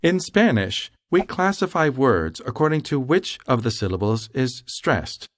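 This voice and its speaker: A man giving scripted, measured explanations as a language instructor. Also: mid-range voice, very animated, a little hiss or hum.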